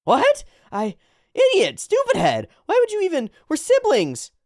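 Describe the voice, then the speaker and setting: Guy reading a soft nostalgic big brother, plain voice, dry sound. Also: very high voice, huge pitch swings, unhurried, no room sound, pitched above the performer's own voice, exaggerated voice. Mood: flustered. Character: gentle older brother, young man, nostalgic.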